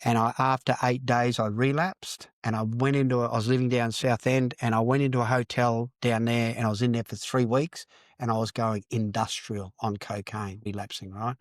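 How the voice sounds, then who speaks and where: A man's voice: medium pitch, little pitch movement, normal speed, dry recording, studio quality. An older Australian man, a podcast guest, telling his story candidly in a blunt, profane way and repeating phrases for emphasis.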